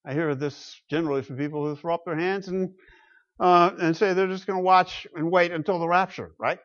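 Emphatic preacher with a higher voice. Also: male voice, steady tone, a little fast, muffled recording. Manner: emphatic, swinging from loud exclamations to low quiet asides. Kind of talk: sermon.

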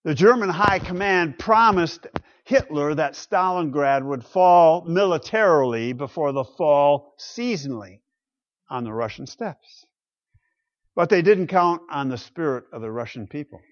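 A man preaching a sermon slowly and deliberately, reading scripture and telling history with dramatic pauses. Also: a little high, lively intonation, dry recording, dull audio. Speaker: pastor.

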